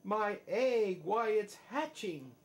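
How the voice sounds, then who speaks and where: A man voicing a faithful, gentle male elephant in a storybook read-aloud. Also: on the low side, expressive, slow pace, voice pushed down. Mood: excited.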